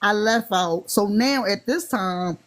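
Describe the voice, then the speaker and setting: A woman with a Philadelphia accent, animatedly telling a funny dating story in casual chat and acting out the quotes. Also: takes it slowly. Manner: animated, acts out quotes in higher voices.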